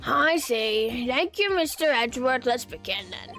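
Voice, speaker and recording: A woman voicing a stern older male judge with slow, deliberate pronouncements. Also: fairly high pitch, expressive, bright, forceful tone, faint music behind, full character voice.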